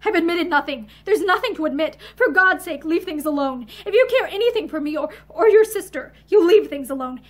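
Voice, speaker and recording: A woman voicing a sad, weary man, speaking lower and softer in a storybook reading. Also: a little fast. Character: weary, troubled man, gentle but strained.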